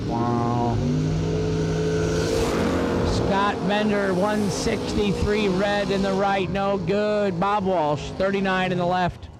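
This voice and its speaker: A man announcing drag races, rattling off lanes and times with joking asides. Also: sits high. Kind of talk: race-call commentary with joking asides. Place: drag strip. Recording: loud race-car noise behind. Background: cars and engines at the track.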